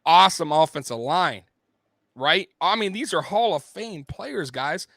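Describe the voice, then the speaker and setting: A man's voice: on the high side, animated, measured pace, vocal fry, fairly bright tone, no echo. A man hosting a sports show, ranting bluntly and with heavy profanity, like a fired-up fan. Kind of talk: casual sports rant.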